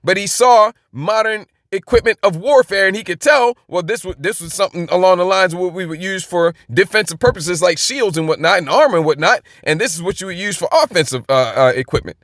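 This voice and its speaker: A man's voice: sits high, lively intonation, fairly quick, few pauses, a bit bright, dry recording, clean studio sound. A man giving casual Bible commentary, emphatic and rhetorical, often checking in with "okay?". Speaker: Bible teacher.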